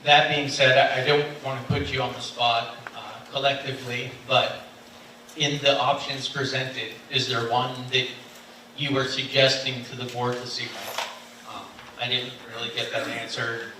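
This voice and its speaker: A man giving public comment at a meeting, polite and measured, with frequent fillers. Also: medium pitch, little pitch movement. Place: large meeting room. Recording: echoey hall, far mic, noise.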